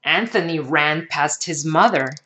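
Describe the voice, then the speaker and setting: A woman reading a children's picture book aloud in an expressive storytelling manner. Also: low-pitched, a little slow, a little hiss or hum. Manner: expressive, sing-song storytelling.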